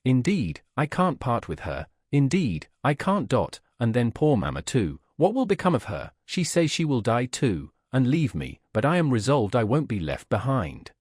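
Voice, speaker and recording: A man's voice: medium pitch, wildly swooping pitch, moderate pace, few pauses, a little mellow, husky, no room sound, studio quality. A man reading an audiobook, voicing a frightened, loyal little girl who pleads earnestly. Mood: tearful pleading.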